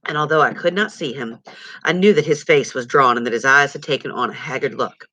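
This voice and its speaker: A woman reading a novel aloud at home in an expressive storytelling way. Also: very deep voice, a little fast. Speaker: reader.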